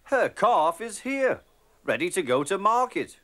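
A man's voice: high voice, big pitch swings, a little slow, bright, forceful tone, a little hiss or hum, pitched above the performer's own voice, exaggerated voice. Casual: helpful station porter, man voicing, plain matter-of-fact tone. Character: helpful male railway porter.

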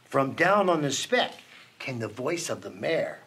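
A man reading a children's rhyming storybook aloud in an expressive, rhythmic way. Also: medium pitch, unhurried, slight background noise. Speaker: storybook reader.

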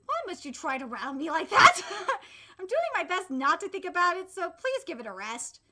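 A woman in her late twenties reading a manga chapter aloud and reacting live as a streamer, excitable, shouting and swearing when thrilled, and often stumbling and correcting herself mid-sentence. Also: very high-pitched, moderate pace, background noise. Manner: reads aloud with frequent slips and self-corrections.

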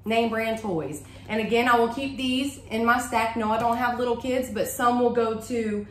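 Haul vlogger, woman, chatty and gushing, bright higher voice, echoey home room. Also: moderate pace, slight background noise. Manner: chatty, gushing, says y'all a lot. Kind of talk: casual show-and-tell haul.

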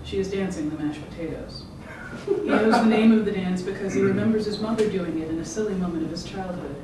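An author giving a measured, rhythmic public reading of their own fiction. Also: mid-range voice. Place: event room. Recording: echoey room, distant mic, background noise.

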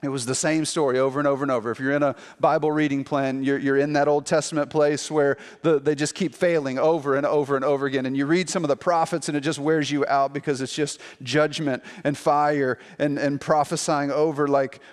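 A man preaching as a pastor, telling a scripture story in a lively, conversational way and acting out the quotes. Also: on the high side, brisk, clear, resonant tone, big-room sound. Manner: animated storytelling, acts out quotes in playful voices. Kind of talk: sermon.

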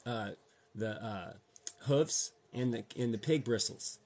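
A man's voice: mid-range voice, slow, a little mellow. A young man ranting casually to his viewers, full of slang and rhetorical questions. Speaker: vlogger.

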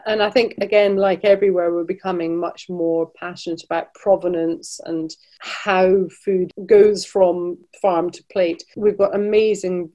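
In a warm voice on the low side, a travel business director from Scotland talks casually as an interview guest. She frequently restarts her sentences and laughs between points.

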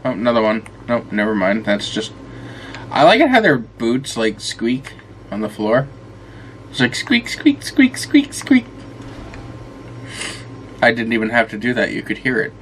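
A man's voice: mid-range voice, expressive, moderate pace, fairly bright tone, a little hiss or hum. A man giving casual let's-play commentary, rambling and swearing often as he talks to the game, tired and yawning. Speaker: gameplay commentator.

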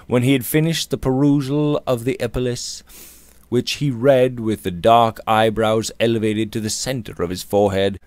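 A man narrating a Victorian novel in a measured, expressive way. His pitch moves a lot, and the recording is close and dry with no room sound. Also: no echo. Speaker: audiobook reader.

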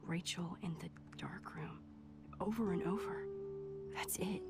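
An actress playing an earnest, shy teenage girl who speaks softly and pleads in video game dialogue. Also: on the low side, steady tone, a little slow, in a whisper. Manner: soft, hushed, pleading. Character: earnest, shy teen girl, quietly worried. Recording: game music behind.

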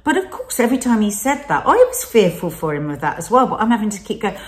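A woman's voice: medium pitch, very animated, quick pace. A woman co-hosting a candid talk show, telling a personal story expressively and acting out the voices of the people she quotes. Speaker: podcast co-host. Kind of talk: candid conversation about mental health.

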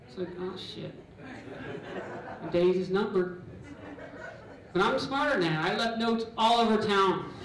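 A middle-aged man doing a stand-up comedy set on a club stage, loud and bantering as he acts out characters. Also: sits high, unhurried, pauses often, recorded from a distance. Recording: echoey club recording from afar. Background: audience laughter.

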